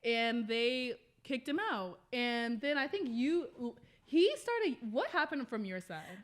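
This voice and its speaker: A woman in her twenties co-hosting a chatty podcast, her voice pitched a touch high. She tells her side of a story in a loose, rambling way, full of fillers. She keeps slipping in quoted asides. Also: big pitch swings, slow pace. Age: 20s. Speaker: podcast co-host. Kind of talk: casual storytelling chat.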